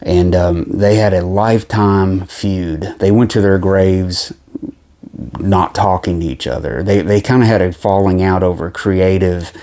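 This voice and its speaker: A man's voice: deep voice, steady tone, unhurried, mellow. A man casually reviewing movies from his collection, rambling with lots of fillers and restarts. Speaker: film collection vlogger.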